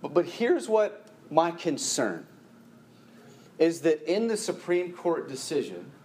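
A male pastor delivers a sermon in a fairly high voice. He talks animatedly and pushes his pitch and volume up whenever he drives a point home. A faint layer of background noise sits under the recording. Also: takes it slowly. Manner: animated, rises in pitch and force when pressing a point.

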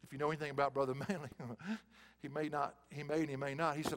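A man preaching a sermon in an auditorium, swinging from hushed, soft passages to loud, emphatic bursts. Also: fairly high pitch, level tone, quick pace, in a large hall.

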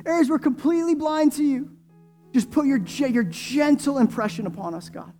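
Impassioned high-voiced preacher over soft music. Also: male voice, moderate pace. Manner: swings from hushed prayer to loud impassioned preaching. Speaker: pastor. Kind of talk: sermon and prayer.

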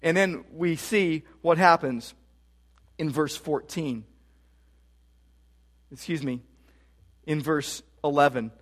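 A man's voice: on the high side, takes it slowly, pauses often. A man preaching a sermon as pastor, emphatic and repeating key phrases for stress. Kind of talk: expository sermon.

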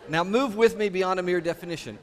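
Pastor guy preaching to his church, kinda high voice, asks the room lots of questions. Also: fast talker, a little hiss or hum. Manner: animated preaching with rhetorical questions to the congregation. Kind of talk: sermon.

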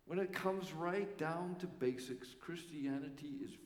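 A male pastor preaching a sermon with earnest emphasis and pauses that let key words land. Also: a little high. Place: church sanctuary. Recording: echoey church hall.

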